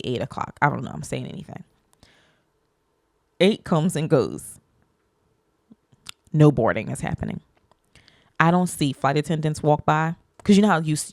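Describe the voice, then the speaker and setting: Low-voiced woman telling a story casually. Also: dry recording, studio quality. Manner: animated, acts out quoted people with pitch jumps. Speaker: podcast host.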